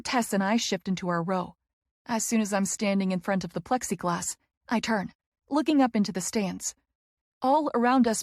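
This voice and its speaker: Female audiobook narrator, mid-pitch, emotional first-person read, dry close sound. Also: a little mellow, no room sound.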